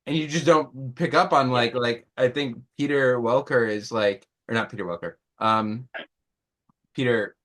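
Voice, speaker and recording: A man's voice: medium pitch, unhurried, a bit bright. Hesitant man guesting on a podcast. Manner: hesitant, fumbling for names. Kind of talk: casual podcast chat.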